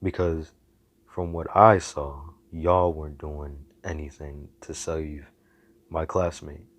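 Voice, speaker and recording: A man's voice: a bass voice, fairly even intonation, slow pace, exaggerated voice. A man voicing a brash, cursing young male hero who talks in blunt slang. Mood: indignant. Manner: slangy, profane, exasperated.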